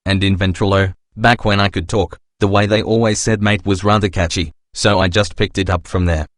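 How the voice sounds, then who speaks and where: A man hosting his own channel, telling relaxed anecdotes in casual vlog narration. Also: low voice, brisk, dry recording, clean studio sound. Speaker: channel host.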